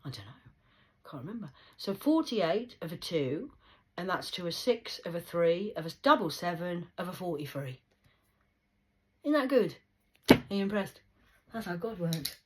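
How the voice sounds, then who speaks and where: A woman in her forties giving a rambling, mocking monologue, swinging between loud outbursts and hushed whispers. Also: on the low side, lively intonation, moderate pace, husky, poor audio. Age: 40s. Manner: mocking, preachy tone.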